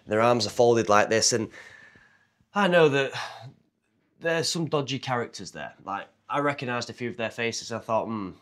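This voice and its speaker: A man's voice: medium pitch, lively intonation, moderate pace, fairly bright tone. A young man with a fighter's background, retelling a story casually and animatedly, acting out the people in it. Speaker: martial arts fighter and confidence coach.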